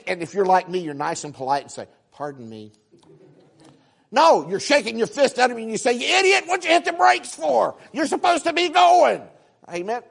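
A man preaching a sermon, telling stories with animated acted-out exclamations and quick repeated starts. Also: high-pitched, creaky. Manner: animated, acts out voices and exclamations, frequent repeated words. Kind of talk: sermon storytelling.

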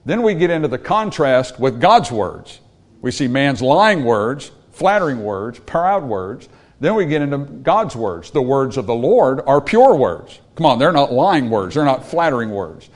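A man's voice: medium pitch, big pitch swings, unhurried. A man preaching a sermon from slides, emphatic, repeating words and putting questions to the congregation.

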